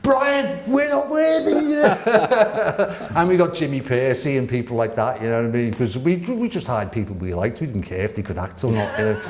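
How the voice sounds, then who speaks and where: A man, a guest telling lively, laughing stories with the odd swear word in a casual interview. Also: medium pitch, fast, hardly any pauses, a little hiss or hum. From Wirral, England. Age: 60s. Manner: animated, laughing, swearing raconteur. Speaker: guest artist. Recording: roomy echo.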